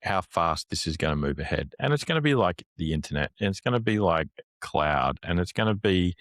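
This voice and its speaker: A man's voice: sits low, animated, a little fast, a bit bright, no room sound, clean studio sound. A man who is a guest on a business chat, laying out his points analytically in long lists that build up.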